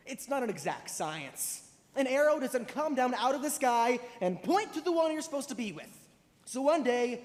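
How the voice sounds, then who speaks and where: A young man playing a lonely middle-aged musical fan who confides in the audience in a wry, musing way. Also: very high-pitched. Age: teens. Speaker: narrator. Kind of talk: stage musical acting. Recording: reverberant auditorium stage.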